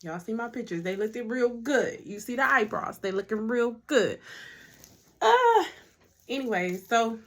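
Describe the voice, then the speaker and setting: A woman's voice: on the high side, normal speed, few pauses. Chatty emotional woman vlogger. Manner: chatty and heartfelt, addresses viewers as y'all. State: emotional, near tears at times. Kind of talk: casual faith testimony to camera.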